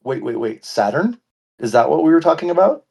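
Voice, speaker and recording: A man's voice: fairly high pitch, sing-song, fairly quick, creaky, a little mellow, breathy edge, dull audio. Playfully ranting man in his forties. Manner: playful mock-indignant ranting. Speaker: podcast co-host. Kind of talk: casual chat.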